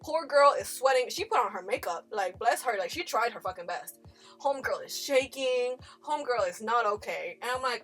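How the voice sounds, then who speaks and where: A woman co-hosting a podcast, telling a story in a loud, profane, laughing way. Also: a little high, expressive, moderate pace, soft background music. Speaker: podcast co-host. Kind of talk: casual storytelling chat.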